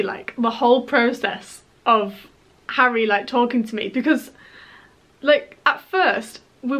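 A young woman from England chatting excitedly in a storytime vlog, full of fillers and restarts. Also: high-pitched, rough recording. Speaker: YouTuber.

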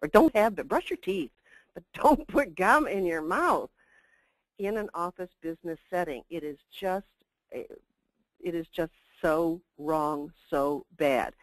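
A woman's voice: on the low side, animated, measured pace, dry recording, rough recording. An older woman giving a chatty, emphatic customer service webinar talk with asides. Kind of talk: webinar presentation.

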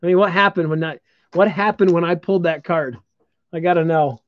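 A man's voice: a little high, a little fast, dry recording. A man hosting a live-streamed trading card break, calling out each card he pulls and congratulating the viewers who own them. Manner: upbeat, congratulating viewers while calling out cards. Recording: dull lo-fi stream audio.

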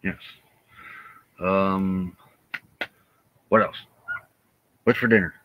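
A man co-hosting a travel live stream, chatting casually outdoors at a campsite, laid-back and quick to laugh. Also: sits low, steady tone, lo-fi sound, a little hiss or hum. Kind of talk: casual chat.

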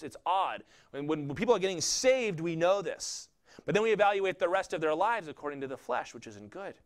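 A male pastor with a Southern US accent delivering a sermon, rising loud for emphasis and dropping low for quoted lines.

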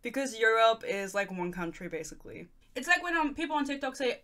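A woman's voice: a little high, expressive, quick pace, few pauses, bright, forceful tone. A young woman from Germany, ranting sarcastically in casual chat as she reviews a book. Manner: sarcastic, ranting, reads excerpts aloud. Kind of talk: casual rant.

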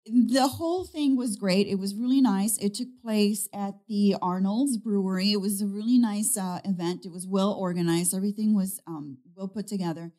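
A woman hosts her podcast and tells a personal story. She speaks in a casual, meandering way with hesitations. Her voice is mellow and warm at a middle pitch. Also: normal speed, few pauses. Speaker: podcast host.

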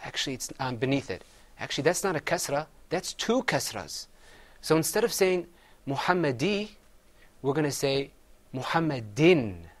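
A man's voice: on the high side, lively intonation, brisk. A man teaching Quran recitation, patiently having his students repeat words after him. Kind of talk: classroom recitation lesson.

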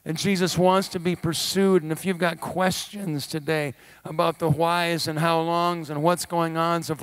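A middle-aged man preaching a sermon in church, animated with wry asides and quick laughs. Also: fairly high pitch, dry recording. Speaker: guest pastor. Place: church sanctuary.

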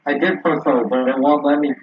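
Brief: young male gamer friend, husky voice, animated intonation, muffled voice chat. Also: fairly high pitch, brisk. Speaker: gaming friend. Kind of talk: casual gameplay banter.

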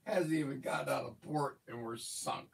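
A man hosting a livestream in casual chat, with gruff, grumbling banter. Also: fairly high pitch, moderate pace. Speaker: livestream host. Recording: distant mic, noisy room.

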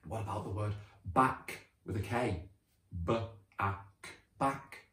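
A British man teaching a children's phonics lesson, sounding out words slowly and cheering the children on. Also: lowish voice, echoey room. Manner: animated, drawn-out sounding out of words.

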